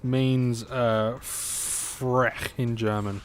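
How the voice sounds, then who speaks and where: A man's voice: mid-range voice, steady tone, drawn-out words, soft background music. A young Australian man chatting casually and jokingly with his viewers while streaming a game, rambling from one thought to the next. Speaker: live streamer.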